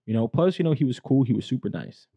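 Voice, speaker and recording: A man co-hosting a podcast, telling stories in a crude, animated way and acting out the people he quotes. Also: medium pitch, fast, husky, dry recording. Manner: crude, animated storyteller who acts out quotes. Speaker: podcast co-host. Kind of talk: casual storytelling chat.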